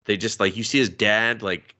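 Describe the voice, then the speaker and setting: A man's voice: on the low side, fairly even intonation, normal speed, sharp tone. A man hosting a podcast, recapping an anime in sarcastic, profane casual chat. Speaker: podcast host.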